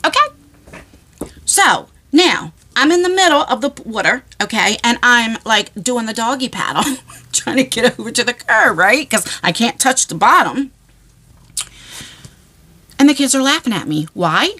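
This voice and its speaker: Woman, 40s, vlogger, casual storytelling, animated, laughing, high-ish, bright. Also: slightly rough. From New Jersey shore area. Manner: animated, chatty, laughs often, many fillers.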